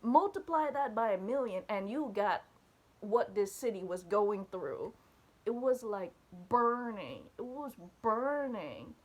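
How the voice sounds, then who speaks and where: Animated woman telling about a dream. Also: a little high, takes it slowly. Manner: animated, talks straight to viewers, many fillers and restarts. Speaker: church video speaker. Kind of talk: casual testimony about a dream.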